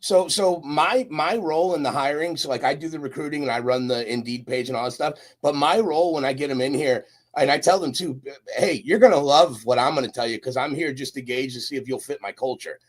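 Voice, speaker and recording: A man's voice: mid-range voice, fairly quick, few pauses. A young man, a guest on a podcast, chatting casually with lots of slang and storytelling. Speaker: guest, roofing company recruiter.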